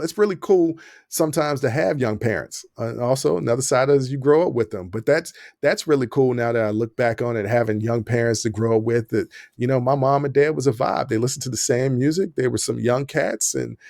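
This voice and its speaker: Podcast host, man, animated storyteller who laughs a lot, mid-pitch, dry close mic. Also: creaky, no echo. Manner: animated, laughs often while telling stories. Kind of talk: casual storytelling monologue.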